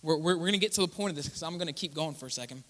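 In a church sanctuary with long reverb, a young pastor with a high, bright voice delivers a very fast sermon to his congregation. His delivery is loose and conversational; he acts out the voices he quotes and keeps turning to the people with asides.

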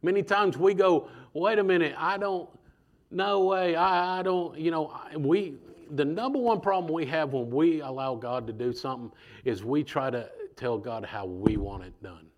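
Male preacher, slightly high voice, conversational and animated, acts out voices. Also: normal speed, highs cut off. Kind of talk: sermon.

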